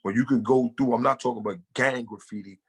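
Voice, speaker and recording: A man's voice: mid-range voice, fast talker. A man from the Bronx with a New York accent, talking loosely as an interview guest and leaning on "you know". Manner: loose, street-casual, leans on "you know". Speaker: guest, hip-hop artist. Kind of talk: casual interview talk.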